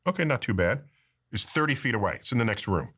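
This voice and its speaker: A man explaining things in an interview clip, animated and quizzing the person with him. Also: medium pitch, fast, husky.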